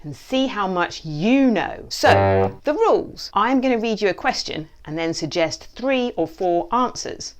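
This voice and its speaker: A woman's voice: medium pitch, a little slow. A woman hosting a playful children's quiz from her basement, joking and trying silly accents. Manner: animated, jokey, with mock accents and asides. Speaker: quiz host, children's author. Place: basement at home.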